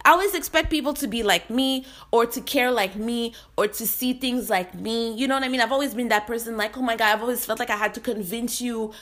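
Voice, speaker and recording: A woman's voice: on the high side, fairly quick, few pauses, a bit bright. A young adult woman giving impassioned personal commentary, heated and blunt, swearing freely.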